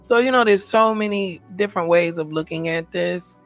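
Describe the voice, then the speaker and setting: Faint music plays behind this American woman's voice, which sits on the low side and moves at a moderate pace. As a vlogger, she offers a heartfelt, introspective monologue, repeating her affirmations with feeling.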